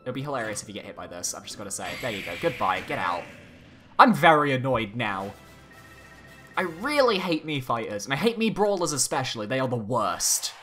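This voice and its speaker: Animated gamer with game music. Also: male voice, medium pitch, a little fast. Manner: animated, exclaiming, swings between excited and exasperated. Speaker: gaming YouTuber. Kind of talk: let's play commentary.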